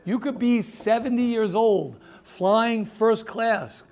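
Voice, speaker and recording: Here the rabbi talks slowly, his voice sitting high, as he leads a seminar and motivates a small gathering. He tells stories with animation, addresses people by name, and leans on repetition for emphasis.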